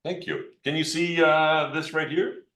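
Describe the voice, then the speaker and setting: A man's voice: a little high, fairly even intonation, a little slow, pushed and bright. A man, a geologist, giving a joking, informal live demonstration of an electron microscope over a video call and chatting with a child. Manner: playful, joking, talks to a child.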